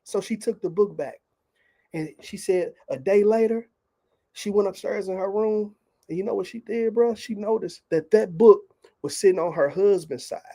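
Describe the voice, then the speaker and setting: High, mellow-voiced man telling a testimony. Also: moderate pace. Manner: animated storyteller, casual slang. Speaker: guest author. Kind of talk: faith testimony storytelling.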